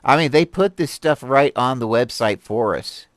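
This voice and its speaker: A man hosting a stream and reading articles aloud, rambling and animated, with many fillers, restarts and laughs. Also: mid-range voice, normal speed, no echo, studio quality. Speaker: host reviewing articles. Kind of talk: casual commentary on a live stream. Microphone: desk mic with a stream deck.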